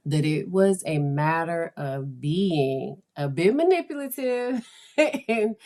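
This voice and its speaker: A woman with a low-pitched voice talks through a casual podcast monologue, drifting from one anecdote to the next. She speaks like a counselor and laughs often. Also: dark tone. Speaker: counselor and blog host.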